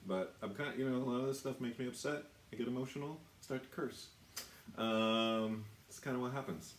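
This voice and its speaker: Low-voiced tattoo guy, rambly and sweary, talks slow in a roomy shop. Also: a little hiss or hum. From United States. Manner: rambling, self-deprecating, swears a lot. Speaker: tattoo artist. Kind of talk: casual product walkthrough.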